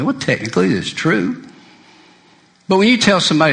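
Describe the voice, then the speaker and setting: A male preacher delivering a sermon, shifting between loud emphasis and quiet intensity and quoting scripture in old-fashioned wording. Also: fairly high pitch, sing-song, moderate pace, creaky.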